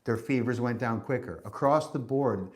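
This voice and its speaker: Male podcast host, mid-pitched, preachy and emphatic, swears freely. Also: normal speed. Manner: emphatic, preachy, profane, with frequent restarts. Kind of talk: spiritual podcast monologue.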